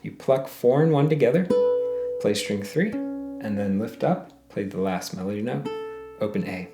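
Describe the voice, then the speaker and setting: A man's voice: on the low side, lively intonation, moderate pace, vocal fry, loud music behind the voice. A man teaching a ukulele lesson step by step, counting beats aloud, humming the melody and calling viewers "guys". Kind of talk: friendly step-by-step music lesson. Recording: roomy echo with ukulele playing.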